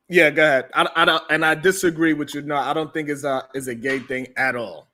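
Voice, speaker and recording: A man's voice: on the high side, steady tone, a little fast, pushed and bright. A man hosting a live stream panel, patiently arguing his point with examples and laughing often. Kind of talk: heated panel debate.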